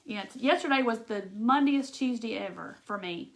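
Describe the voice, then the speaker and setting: Lady in her 40s chatting thru a live craft video, kinda high voice, rambly, stops and restarts a lot. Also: animated, moderate pace, creaky. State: tearful at times. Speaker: craft livestream host. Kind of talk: casual livestream chat while crafting.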